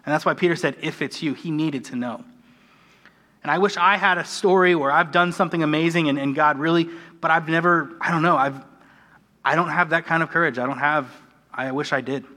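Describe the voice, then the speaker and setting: American guy preaching in a church, fairly high voice, long echo from the hall. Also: brisk, sharp tone. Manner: conversational, earnest, self-deprecating. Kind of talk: sermon. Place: church sanctuary.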